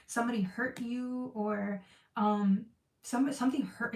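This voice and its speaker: A woman's voice: a little high, steady tone, unhurried, a little mellow, far from the mic. Female tarot reader, earnest and repetitive, recorded in an echoey room off-mic. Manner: emotional, repetitive, searching for words. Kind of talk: casual tarot reading.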